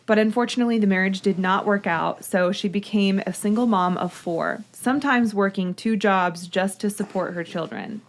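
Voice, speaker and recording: Speaking at a moderate pace with few pauses, a mid-range-voiced woman hosts her podcast. She chats casually, reads listener mail aloud, then tells a true-crime case in a chatty, gushing way.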